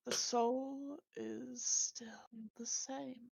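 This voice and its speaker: A woman's voice: on the high side, extremely slow, vocal fry, heavily acted. A woman voicing a stiff, formal male shopkeeper with many eyes who talks like a mechanical toy. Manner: flat, mechanical, formal speech.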